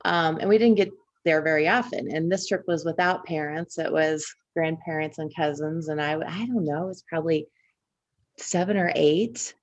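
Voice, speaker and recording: A woman's voice: sits low, moderate pace, highs cut off. A woman from Indiana, co-hosting a podcast, reflecting in casual conversation and telling personal stories at length. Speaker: podcast co-host.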